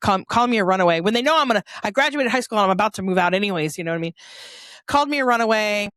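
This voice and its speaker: A middle-aged woman from Northern California, a podcast guest telling a personal story in a lively, chatty way and acting out the dialogue. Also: medium pitch, rapid-fire, dry recording, studio quality.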